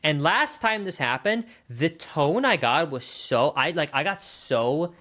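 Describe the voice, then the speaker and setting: Rambling man, animated storyteller. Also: on the high side, unhurried. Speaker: streamer. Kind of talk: casual chat while gaming.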